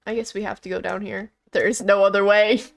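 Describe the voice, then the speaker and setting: A woman's voice: medium pitch, little pitch movement, brisk, vocal fry. Young woman on a gaming podcast, sarcastic, swears a lot, mid voice. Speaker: podcast co-host. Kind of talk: casual chat while gaming.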